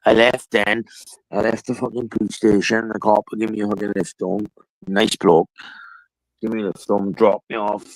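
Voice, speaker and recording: A man's voice: on the low side, flat delivery, normal speed, no room sound, low-quality recording. A man telling a rambling, profane story in casual chat.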